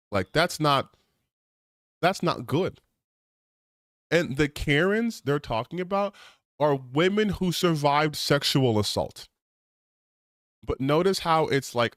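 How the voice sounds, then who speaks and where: A man's voice: mid-range voice, no echo, studio quality. A man ranting on a gaming stream, reading out comments and reacting with heated, sarcastic, profane commentary. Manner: heated, sarcastic, swears often.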